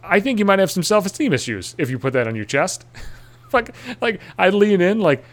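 A man's voice: high voice, very animated, a little fast. A man delivering a rambling comedic monologue, swearing freely and poking fun at his own anxiety, with frequent restarts. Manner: profane, self-deprecating, anxious rambling with restarts.

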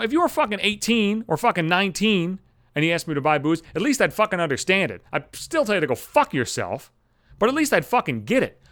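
A man's voice: sits high, a bit bright, no room sound, clean studio sound. A man in a profane, exasperated comedic monologue rant, swearing constantly. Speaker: comedic ranter.

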